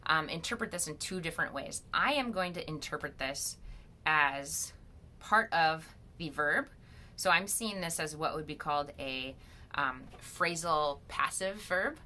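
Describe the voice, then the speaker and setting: A woman's voice: on the low side, bright, forceful tone, slight background noise. A middle-aged woman teaching grammar over a screen recording, explaining patiently step by step and asking questions as she goes.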